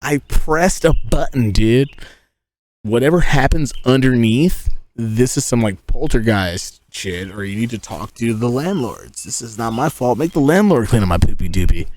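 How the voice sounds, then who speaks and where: A man's voice: medium pitch, animated, moderate pace, few pauses, darkish tone. A young man streaming from inside a tent, chatting and telling stories in a crude, joking, rambling way. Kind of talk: casual live-stream chat and storytelling.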